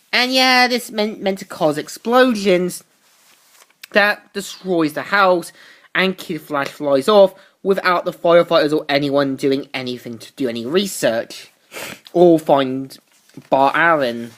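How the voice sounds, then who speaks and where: A woman's voice: lowish voice, animated, slow. A woman reviewing a comic book, recapping the plot casually with asides.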